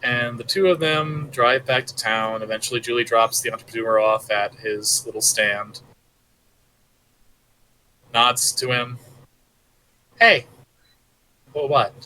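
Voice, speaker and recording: A man narrating a tabletop game as game master, telling a story with animated sound effects. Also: mid-range voice, measured pace, poor audio.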